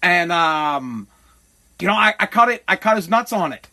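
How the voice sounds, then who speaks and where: A middle-aged man from Massachusetts hosts a podcast and tells a personal story, stumbling, correcting himself and swearing as he goes. His voice sits high and has a bright, cutting edge. Under it all he sounds weighed down by regret. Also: lively intonation, moderate pace. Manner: rambling, profane, self-correcting; heavy with regret.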